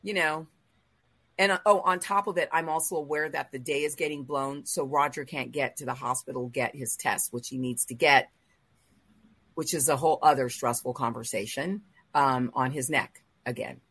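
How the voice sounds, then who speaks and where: A woman hosting a faith talk show, telling a personal story in an emotional, animated way with quoted asides. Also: a bass voice, moderate pace, slightly rough, dry recording. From Los Angeles area. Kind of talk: casual storytelling in a group chat.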